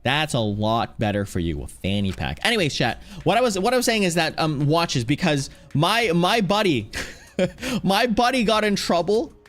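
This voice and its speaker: A man chatting casually on a livestream, rambling playfully, reading chat aloud and now and then breaking into loud, excited shouts. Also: on the high side, moderate pace. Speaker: streamer. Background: faint background music.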